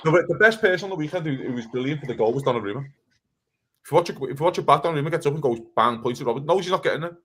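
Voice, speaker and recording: A man ranting heatedly about football on a casual podcast, swearing and talking fast. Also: fairly high pitch, lively intonation, a bit bright, slight background noise. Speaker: podcast co-host.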